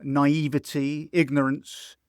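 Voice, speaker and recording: A man hosting a casual football podcast over a video call, animated and sweary, often slipping into mimicry. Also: a little high, slow, smooth, dry recording, studio quality. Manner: animated, sweary, mimics others in put-on voices. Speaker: podcast host. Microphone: video call mic.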